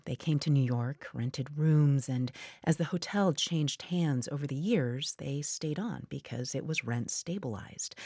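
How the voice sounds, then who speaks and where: Low, mellow-voiced woman news anchor. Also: husky, dry recording, studio quality. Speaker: news host.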